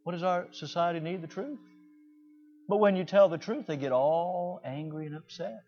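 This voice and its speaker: A man preaching a sermon in an animated way, often mimicking the people he talks about. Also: high-pitched, moderate pace, slightly rough, dull audio, faint music behind. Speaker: pastor.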